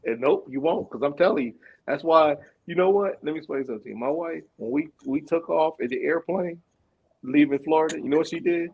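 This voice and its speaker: A man co-hosting a casual podcast chat, telling animated stories, repeating himself and laughing often. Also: fairly high pitch, fairly quick, vocal fry, husky, muffled recording. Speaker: podcast co-host.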